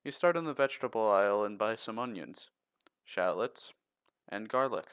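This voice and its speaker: A man co-hosting a casual podcast, reading long riddles aloud in a steady listing way. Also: fairly low pitch, normal speed, clear, resonant tone, no echo. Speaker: podcast co-host.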